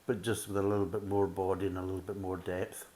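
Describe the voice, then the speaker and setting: A man's voice: low voice, flat delivery, quick pace, mellow. A man giving a casual, methodical beer tasting review, full of "kind of" fillers.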